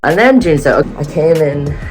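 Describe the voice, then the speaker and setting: A young woman vlogging a casual storytime, excitable and giggly, acting out quoted lines in a higher voice. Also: normal speed, music in the background.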